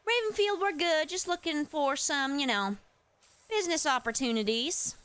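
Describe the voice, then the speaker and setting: A woman's voice: high voice, animated, normal speed, a bit bright, poor audio. A woman putting on a folksy, chatty Southern persona with a Southern US accent while chatting on a live stream. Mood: alarmed. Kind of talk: casual live-stream chat.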